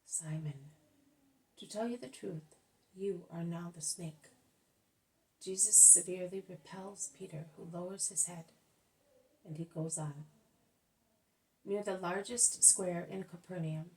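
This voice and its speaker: Woman, audiobook narration, religious text, gravelly tone, a bit distant from the mic, calm and even. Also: fairly low pitch. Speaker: audiobook reader.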